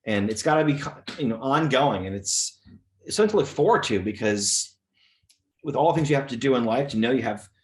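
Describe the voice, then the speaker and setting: A man as a podcast guest, giving relaxed advice in casual conversation. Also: medium pitch, fairly quick, reverberant.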